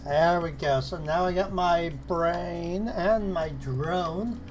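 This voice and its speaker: This is a woman's voice sitting on the low side, with slight background noise. She's casually live-streaming her 3D modeling work, talking through the steps to herself at a slow pace and addressing her cat fondly, if a bit exasperatedly.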